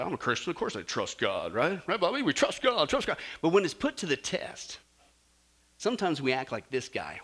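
A man preaching a sermon, animated and jokey, acting out stories and swinging between loud and soft. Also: mid-range voice. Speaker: pastor.

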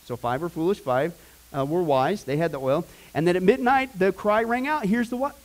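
A man with a high voice leads a Bible class. He talks casually and rambles, with joking asides, then breaks into loud preaching. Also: moderate pace, poor audio. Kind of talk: informal Bible teaching.

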